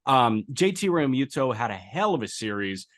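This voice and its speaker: A man co-hosting a baseball podcast, recapping games with enthusiasm and quick stat-heavy talk. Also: mid-range voice, very animated. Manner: enthusiastic, recaps game stats in a brisk flow. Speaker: podcast co-host. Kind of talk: casual sports podcast chat.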